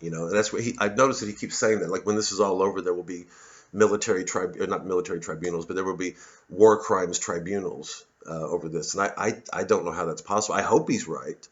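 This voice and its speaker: Man vlogger, low voice, angry profane rant, stumbling restarts, muffled lo-fi sound. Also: quick pace. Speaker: political commentary vlogger. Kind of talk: ranting monologue to camera.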